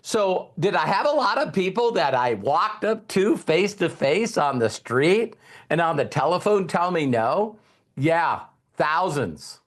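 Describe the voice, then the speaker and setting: A middle-aged man giving a motivational seminar talk on network marketing, emphatic, acting out quoted conversations, and often turning to the audience with questions. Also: high-pitched. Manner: animated, emphatic, acts out quoted dialogue; addresses the audience directly with repeated questions.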